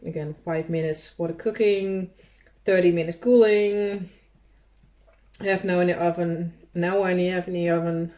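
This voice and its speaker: A woman's voice: fairly low pitch, steady tone, normal speed, warm tone. A woman cooking vlogger chatting casually and thinking aloud as she tastes her food, eating between words. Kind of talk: casual chat while tasting food.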